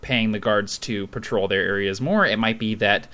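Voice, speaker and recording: A man with a bright, forceful voice talking through tabletop game ideas in a relaxed group chat. He explains at length, circling back with fillers as he builds each point. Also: fairly low pitch, normal speed. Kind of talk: casual chat about tabletop games.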